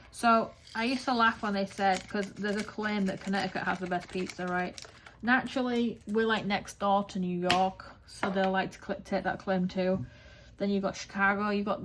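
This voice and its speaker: A woman with an English accent, chatting rambling and animated in a casual vlog monologue, swearing freely. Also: mid-range voice, a little hiss or hum. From England. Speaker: craft vlogger.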